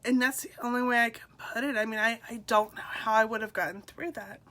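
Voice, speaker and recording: A middle-aged woman, a mother, telling her personal story in an emotional, halting way with soft laughs between lines. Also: on the high side, steady tone. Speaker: speaker sharing her story. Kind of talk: personal testimonial talk.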